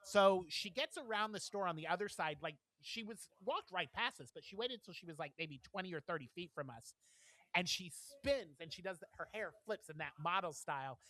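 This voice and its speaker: A man co-hosting a podcast, telling stories with lively acted-out quotes and frequent laughs. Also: high-pitched, moderate pace. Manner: animated storyteller, acts out quotes, laughs often. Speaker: podcast co-host. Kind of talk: casual chat, storytelling.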